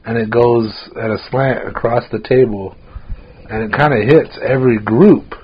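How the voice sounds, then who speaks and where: Husky guy co-hosting a podcast, rambly and laid back, muffled lo-fi sound. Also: medium pitch, normal speed. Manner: loose and rambling, with laughs and fillers. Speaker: podcast co-host. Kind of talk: casual chat.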